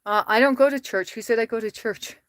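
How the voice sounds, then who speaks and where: A chatty American woman streams from home, reading comments aloud and breaking into laughs. Her voice sits a little high. The sound is close and dry, with no room around it. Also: a little fast, no echo. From United States. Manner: chatty, laughs often, talks to her cats. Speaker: livestreamer. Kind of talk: casual livestream chat, reading viewer comments aloud.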